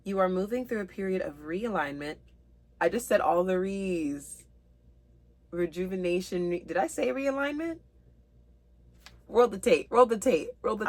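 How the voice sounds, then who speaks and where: A woman giving a spiritual tarot reading to her viewers, earnest and emotional, reading card meanings aloud slowly. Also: fairly low pitch, a little mellow. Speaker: tarot reader.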